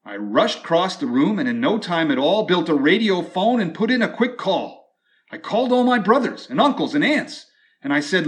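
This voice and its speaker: A man reading a rhyming storybook aloud with an expressive, drawn-out delivery. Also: sits high.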